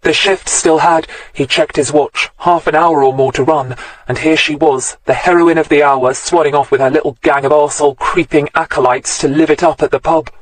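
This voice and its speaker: Measured male audiobook narrator, dry sound. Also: on the high side, dry recording, low-quality recording. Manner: steady, measured storytelling. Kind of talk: scripted crime novel narration.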